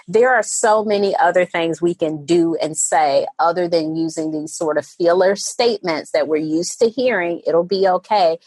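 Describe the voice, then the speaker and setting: A therapist woman speaking as a podcast guest in an animated way, often acting out the voices of people she quotes. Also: on the low side, moderate pace, few pauses, no room sound. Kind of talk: podcast interview conversation.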